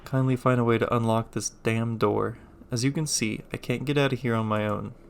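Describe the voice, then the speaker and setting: A man's voice: medium pitch, steady tone, a little fast, creaky, a little hiss or hum, close to an everyday voice. A man voicing an entitled, demanding woman trapped in a church, indignant and bossy with sudden sugary turns.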